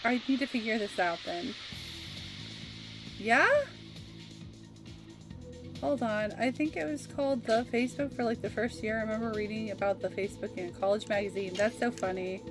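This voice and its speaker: A woman's voice: on the high side, normal speed, long pauses. A woman in her thirties streaming a video game, chatting and reminiscing casually and laughing easily. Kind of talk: casual gaming stream chat. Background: game music.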